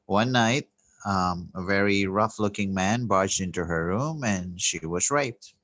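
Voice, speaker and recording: Guy giving a spiritual talk, kinda low voice, earnest and slow, lots of ums, dry sound. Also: fairly bright tone, dry recording. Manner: earnest, unhurried, with frequent fillers and restarts. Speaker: spiritual teacher. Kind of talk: spoken spiritual teaching with storytelling.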